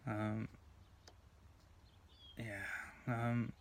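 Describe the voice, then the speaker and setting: A man rambles through a personal story in a low, level voice that barely rises or falls. He stops and restarts often, with lots of fillers, and sometimes sinks to a hush. A faint hiss sits under the recording. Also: little pitch movement. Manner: halting, full of fillers and restarts, drops to near whispers. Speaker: video blogger.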